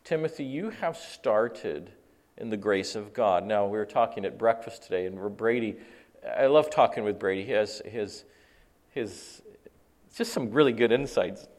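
A man's voice: fairly low pitch, animated, normal speed, darkish tone. A middle-aged man preaching an earnest sermon, often repeating and restarting his words. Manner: earnest, repetitive stammering restarts. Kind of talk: sermon teaching.

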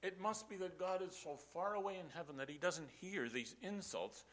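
A man's voice: high voice, normal speed, a bit bright. An older man preaching a sermon, telling a story emphatically and posing rhetorical questions to his congregation.

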